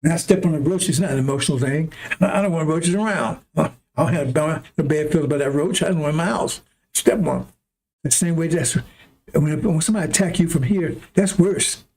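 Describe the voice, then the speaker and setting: A man delivering an impassioned sermon with a delivery. His voice sits a little high for a man, and he repeats himself for emphasis and breaks into short laughs. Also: fairly quick, a little mellow. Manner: repetitive, emphatic, chuckling asides. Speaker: preacher. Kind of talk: impassioned street-style sermon.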